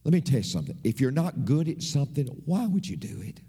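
A man's voice: medium pitch, big pitch swings, quick pace, hardly any pauses, mellow, slightly rough. A man preaching a sermon as a pastor, emphatic and repetitive, his voice swooping up and down. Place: church. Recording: long reverb of a church hall.

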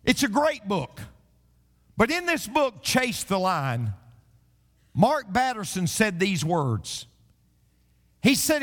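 A man's voice: high-pitched, wildly swooping pitch, slow pace, pauses often, a bit bright, in a large hall. A male pastor preaching a sermon, telling stories and building to repeated refrains.

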